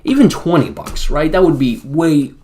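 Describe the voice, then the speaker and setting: A man's voice: a little high, animated, normal speed, warm tone. An American man streaming a wargame, talking in a rambling, casual way with lots of fillers. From United States. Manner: rambling, filler-heavy, chatty. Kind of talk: casual live-stream commentary.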